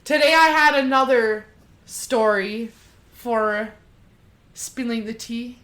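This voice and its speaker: A brash young woman spins a profane story on a casual podcast, throwing herself into the voices of everyone she meets along the way. Her voice sits a little high and rings bright and forceful. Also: slow pace. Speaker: podcast co-host.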